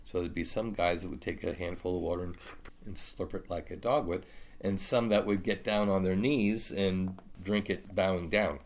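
A man's voice: deep voice, steady tone, normal speed. A man teaching a Bible study, reading scripture aloud and then explaining it casually.

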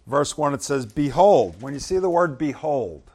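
A man's voice: on the high side, expressive, moderate pace. A man leading a casual Bible teaching, talking conversationally and turning emphatic when he reads the verses aloud.

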